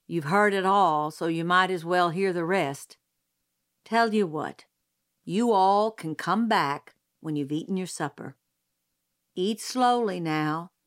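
A woman voicing a tired, firm middle-aged father who speaks in a measured way. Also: on the low side.

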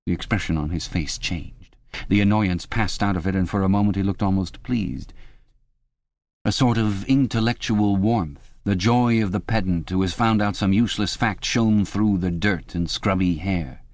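A man giving scripted audiobook narration in an even, measured reading. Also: low voice, dry recording.

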